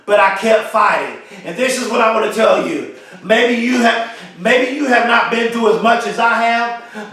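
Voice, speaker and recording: A high-voiced man delivers a motivational speech, drawing key phrases out slowly and climbing into shouted, repeated lines. The voice sits far from the mic, and a heavy echo rolls around every word. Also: a little hiss or hum. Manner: emphatic, repetitive, builds to shouts; drawn-out slow emphasis on key phrases. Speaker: motivational speaker. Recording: very echoey, voice from far off.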